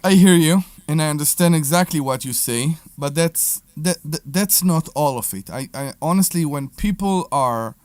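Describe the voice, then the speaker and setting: A male radio co-host who talks thoughtfully and often restarts his sentences. His voice is slightly high for a man and sounds dry and close on the studio mic. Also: normal speed, hardly any pauses, darkish tone, dry recording. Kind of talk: casual talk radio chat.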